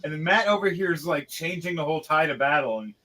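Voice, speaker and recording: A man running a tabletop game as dungeon master, talking in a somewhat high, bright voice. He rambles, curses freely and tells the action with energy. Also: fast talker. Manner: animated, profane, rambling.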